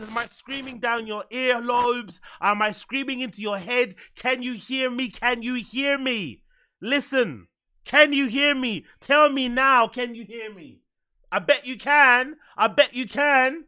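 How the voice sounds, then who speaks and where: Bright-voiced livestream host. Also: male voice, very high voice, clean tone. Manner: slangy, repeats phrases over and over. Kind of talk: casual livestream chat.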